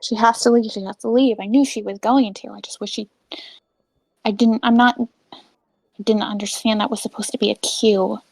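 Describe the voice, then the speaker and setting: A woman's voice: fairly high pitch, fairly even intonation, moderate pace, vocal fry, darkish tone, dry recording. A woman playing a tabletop game, speaking earnestly and hesitantly. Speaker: player. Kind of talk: casual chat at a game table.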